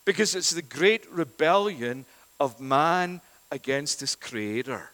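A man delivers an earnest, emphatic sermon, pressing his listeners with rhetorical questions. His voice sits a little high for a man. The long reverb of a church trails behind each phrase. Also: expressive, takes it slowly, fairly bright tone. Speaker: preacher.

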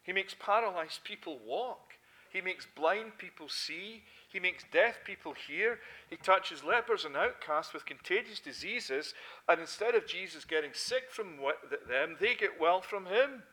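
A man preaching a sermon with a lilt, swinging between loud, fervent emphasis and soft, hushed passages. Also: high-pitched, expressive, measured pace. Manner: impassioned, rising to loud emphasis then dropping to soft quiet.

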